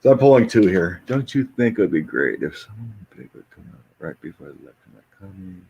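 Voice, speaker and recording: Male host, deep and a little raspy, loose rambling chat delivery. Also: quick pace, lo-fi sound. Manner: rambling, animated, mocking impressions. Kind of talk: casual chat with tarot reading.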